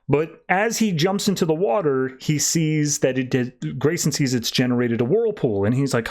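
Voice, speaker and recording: A man's voice: medium pitch, expressive, moderate pace, darkish tone. Man casually recapping a comic issue. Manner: loose retelling, paraphrasing characters with "he's like". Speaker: podcast host.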